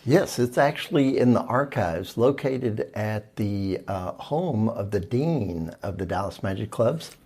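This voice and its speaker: A man's voice: on the low side, expressive, unhurried, hardly any pauses, a little mellow, breathy edge. A man co-hosting a casual podcast, explaining things briefly and plainly. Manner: brief, matter-of-fact explanations. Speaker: podcast co-host. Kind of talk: casual chat.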